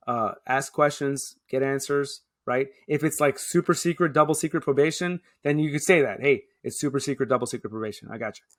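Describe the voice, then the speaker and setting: Emphatic New man, higher voice. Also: a bit bright. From Queens, New York. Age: 30s. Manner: emphatic, keeps tagging points with "right?". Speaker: guest, public affairs officer. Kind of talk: conversational interview.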